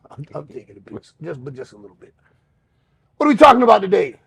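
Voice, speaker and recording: A man's voice: sits high, big pitch swings, fast talker, a bit bright. A man co-hosting a podcast, talking frankly and profanely with a self-mocking streak. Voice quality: gravelly. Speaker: podcast co-host. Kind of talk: candid podcast chat.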